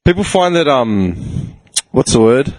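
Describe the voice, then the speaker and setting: A man's voice: mid-range voice, very animated, slow, darkish tone, no echo, rough recording. A man hosting a podcast, teasing his guest in casual chat and swearing freely. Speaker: podcast host.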